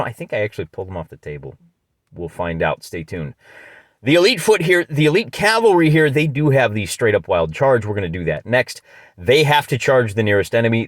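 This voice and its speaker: A man's voice: fairly low pitch, dry recording. A middle-aged man with a Midwestern American accent, chatting his way through a solo tabletop battle with jokes and restarts. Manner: chatty, jokey, often restarts mid-phrase. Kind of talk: casual play-by-play narration of a tabletop game.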